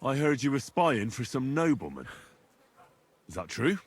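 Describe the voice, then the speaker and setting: Casting: a level-headed young adventurer, husky, mid-pitched, lively, pressing an informant with questions. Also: male voice, a little slow. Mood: steady. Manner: steady, questioning. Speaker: game protagonist. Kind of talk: video game voice acting.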